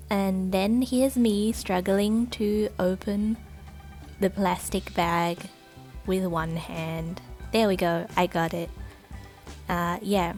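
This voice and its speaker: Woman vlogger, mid-pitched, rambling casual unboxing narration, cheap home mic. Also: darkish tone. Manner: chatty, rambling, lots of "like" and "uh". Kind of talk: casual voice-over for an unboxing video. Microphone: not very good home microphone.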